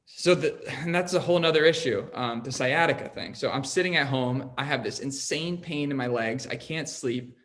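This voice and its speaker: A man's voice: mid-range voice, normal speed, few pauses, a bit bright. Young guy podcast host rambling thru his story, says like a lot, earnest, regular mid voice. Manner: rambling, heavy use of "like", earnest.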